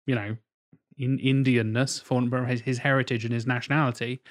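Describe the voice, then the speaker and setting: A man's voice: medium pitch, little pitch movement, brisk. Rambling casual male podcast co-host. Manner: rambling, swears, many fillers. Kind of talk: casual chat.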